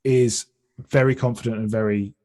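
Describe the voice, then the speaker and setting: A man with an English accent chats as a guest in a relaxed interview. He talks earnestly and loosely, circling back and restarting his sentences as he thinks. His voice sits at a middle pitch. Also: normal speed. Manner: chatty, earnest, restarts often while thinking. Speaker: podcast guest, comedian and streamer. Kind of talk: casual conversational interview.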